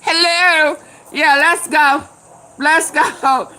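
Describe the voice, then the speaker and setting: Tipsy laughing woman, bright voice. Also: sits high, steady tone, extremely slow. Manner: loud, laughing, swearing, calls viewers out by name. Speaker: live stream host. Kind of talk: casual live chat with viewers.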